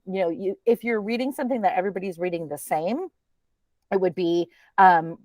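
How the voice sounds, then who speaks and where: A woman presenting a teacher training webinar in a chatty, relaxed way, with many ums. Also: on the low side, no echo.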